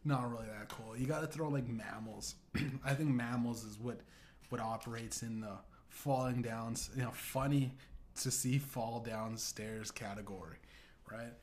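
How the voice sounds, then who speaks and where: A man hosting a comedy podcast, rambling through absurd bits with casual swearing and many restarts. His voice sits at an average pitch for a man, with a faint hiss of background noise. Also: fairly even intonation, a little slow. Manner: rambling, profane, full of restarts and filler. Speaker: podcast host.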